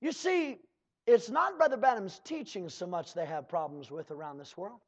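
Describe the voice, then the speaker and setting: A man preaching a fiery sermon, breaking into shouts and slow drawled asides and calling out to the congregation. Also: sits high. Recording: dull lo-fi church recording.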